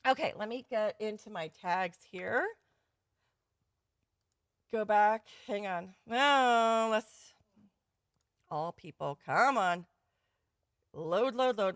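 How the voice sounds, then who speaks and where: A woman's voice: medium pitch, slow, pauses often, dry recording, studio quality. A woman hosting a casual livestream for her students, chatty and effusive, laughing often. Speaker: course host running a live giveaway. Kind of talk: casual livestream talk to viewers.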